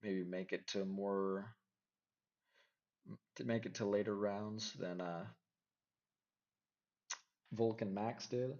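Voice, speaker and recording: A man giving casual MMA fight predictions, rambling and second-guessing himself out loud. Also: fairly low pitch, steady tone, slow pace, long pauses, dull audio. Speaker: MMA fight picks vlogger.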